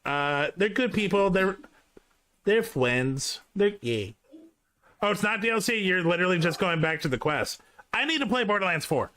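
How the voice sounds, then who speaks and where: Young man, streamer, bright voice, slightly high, casual rambling chat. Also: animated, normal speed. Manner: rambling, with frequent restarts and filler. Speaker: VTuber streamer hosting a reaction stream.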